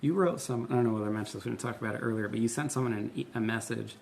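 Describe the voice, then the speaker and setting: A man in his thirties talks like a pastor hosting a relaxed conversation, earnest and candid, with a voice that turns gravelly and creaky. He restarts his sentences now and then. A faint hiss sits under the recording. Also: mid-range voice, racing. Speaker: pastor and show host. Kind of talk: casual conversational teaching.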